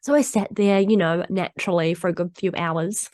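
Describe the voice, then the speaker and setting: A woman's voice: lowish voice, fairly even intonation, moderate pace, darkish tone, dry recording. A woman hosting a solo podcast, talking candidly in a chatty way, often laughing and acting out what people said. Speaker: podcast host.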